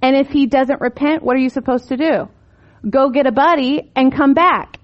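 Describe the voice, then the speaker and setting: A woman's voice: sits high, moderate pace, lo-fi sound. Woman teaching the Bible conversationally. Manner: conversational, with rhetorical questions and emphatic rises.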